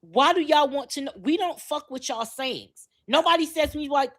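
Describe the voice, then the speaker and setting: Podcast co-host, woman with a Miami accent, high and bright, blunt and profane. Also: normal speed. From Miami, Florida. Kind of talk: casual podcast rant.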